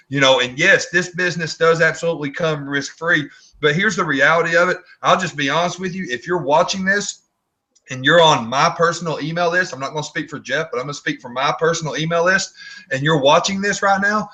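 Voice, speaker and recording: A man with a very bright, sharp voice gives an earnest motivational pitch from an online video call. He talks bluntly, stumbling and repeating words as he pushes his point. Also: rough recording. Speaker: co-host of online business hangout.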